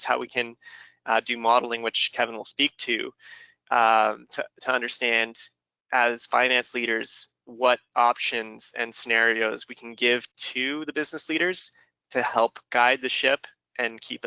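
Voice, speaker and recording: A man's voice: medium pitch, creaky, pushed and bright, smooth, no echo. A man presenting a business webinar, explaining steadily and running audience polls over a computer mic. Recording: dull lo-fi webinar audio.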